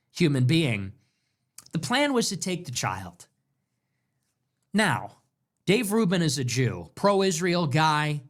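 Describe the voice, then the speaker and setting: Male host, somewhat high voice, animated delivery, emphatic and repetitive monologue. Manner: emphatic, repetitive, rhetorical questions. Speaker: show host. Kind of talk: political commentary monologue.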